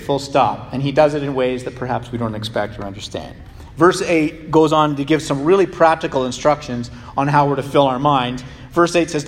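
A man preaching a sermon to a congregation, animated and emphatic, and given to humorous asides. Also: mid-range voice. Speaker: pastor. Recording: long reverb of a large hall.

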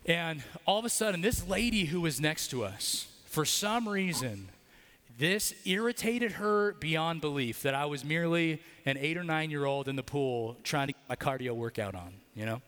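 A man's voice: fairly high pitch, lively intonation, moderate pace, fairly bright tone, long reverb tail. A man preaching a sermon in a church, telling a personal story with casual fillers and leading a prayer. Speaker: pastor. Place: church building.

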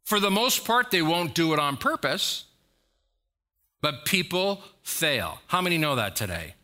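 Bright animated preacher man. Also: on the high side, unhurried. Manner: dramatic storytelling, sudden loud exhortations. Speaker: pastor. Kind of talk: sermon.

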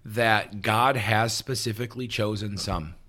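A man co-hosting a relaxed talk show, explaining points patiently and checking in with "right?" between them. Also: on the low side, measured pace. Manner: relaxed, with frequent "um" and restarts, laughs easily. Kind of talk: casual teaching conversation.

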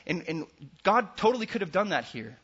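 A man preaching with a bright, forceful edge and a faintly husky grain. He is earnest and swings between loud emphasis and hushed passages. The recording sounds dull and lo-fi. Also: sits high, sing-song, brisk. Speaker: pastor. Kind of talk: sermon.

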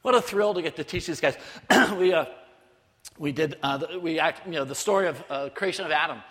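Animated high-voiced man preaching in a hall. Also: brisk. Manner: animated, acts out voices of others. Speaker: missionary speaker. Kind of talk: sermon storytelling. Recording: long hall reverb.

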